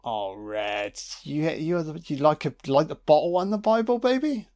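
A man's voice: fairly high pitch, animated, moderate pace, darkish tone. A man giving a sarcastic, profanity-laced audio commentary while watching a film. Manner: sweary, sarcastic, reacting live.

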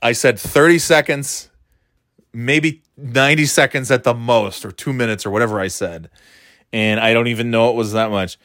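A man's voice: fairly even intonation, normal speed, fairly bright tone, no echo. Profane ranting man, dry close sound. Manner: profane, exasperated ranting, mocking quotes in high voices. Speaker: podcast host. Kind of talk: casual ranting commentary.

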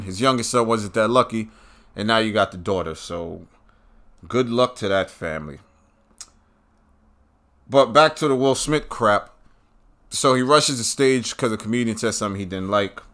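A man with a somewhat low voice hosts his own show in a one-man rant. He talks bluntly and profanely, with a scornful, combative edge. He hammers single words for emphasis. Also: moderate pace, pauses often, a bit bright. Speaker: podcast host. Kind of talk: solo rant monologue.

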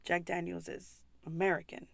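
A woman's voice: lowish voice, level tone, moderate pace, vocal fry, dry recording, clean studio sound. Blunt, swearing young woman ranting. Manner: blunt, exasperated, swears often, laughs. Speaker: podcast host, pub server. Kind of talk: casual ranting monologue.

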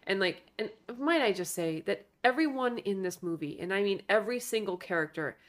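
A woman's voice: mid-range voice, animated, a little fast. A woman co-hosting a movie podcast in casual chat, talking bluntly and emphatically and swearing freely. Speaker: podcast co-host.

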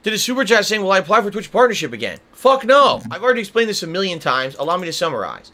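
A man's voice: high-pitched, sing-song, fast talker, sharp tone. A man hosting a casual stream podcast, ranting and swearing at his audience. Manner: profane, ranting. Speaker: streamer host. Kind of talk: casual livestream podcast chat.

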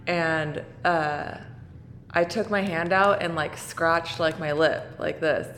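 A woman's voice: low-pitched, fairly even intonation, takes it slowly, a bit bright, a little hiss or hum. A young woman co-hosting a podcast, chatting and telling stories in a laid-back, drawling way. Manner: laid-back, drawling, often laughing mid-story. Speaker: podcast co-host. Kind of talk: casual chat.

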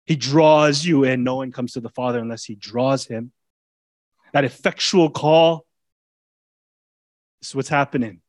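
A man preaching a sermon as a pastor, speaking in a conversational way that swings between loud, emphatic lines and quiet, intimate asides. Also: medium pitch, measured pace, pauses often, dry recording. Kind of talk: expository sermon.

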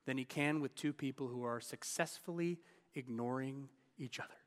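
A man's voice: mid-range voice, normal speed, long reverb tail. A man in his thirties giving a sermon as pastor, telling personal stories in an earnest, candid way. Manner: earnest, candid storytelling with restarts.

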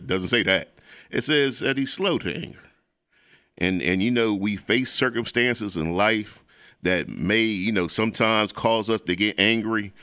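A man hosting a show as a preacher, delivering an emphatic, repetitive preaching monologue that turns excitable when it moves to sports. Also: lowish voice, no echo, clean studio sound. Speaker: preacher and host.

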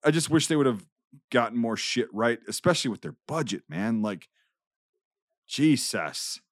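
A man's voice: mid-range voice, animated, normal speed, no room sound, studio quality. A young man hosting a casual movie podcast, swearing often and telling rambling stories. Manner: profane, rambling storyteller. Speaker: podcast host.

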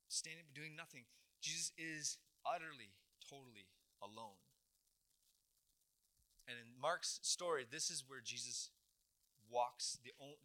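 A man's voice: medium pitch, sharp tone. A man, a pastor, preaching a sermon, retelling a story dramatically with emphatic repetitions.

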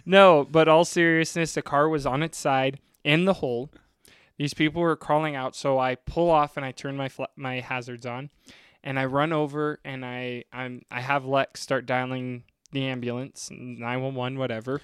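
Guy on a podcast telling a long story, smooth clean voice, dry sound. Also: medium pitch, fairly even intonation, moderate pace, fairly bright tone, no room sound. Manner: rambling storyteller, easily sidetracked. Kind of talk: casual chat.

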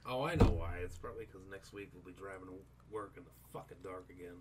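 A man's voice: low-pitched, fast, very noisy. A man in casual chat, swearing freely and complaining wryly.

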